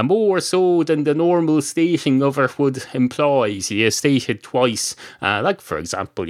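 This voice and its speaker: A man's voice: mid-range voice, pitched above the performer's own voice. A man voicing a grumpy, rambling barman who swears and fills his talk with hesitations.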